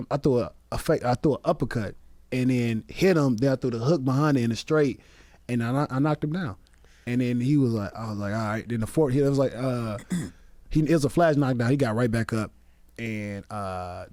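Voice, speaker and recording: A man's voice: medium pitch, a little mellow, dry recording. A comedian guest on a podcast, a man telling a loose, profane anecdote with quoted voices in casual chat. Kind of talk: casual storytelling. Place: podcast studio.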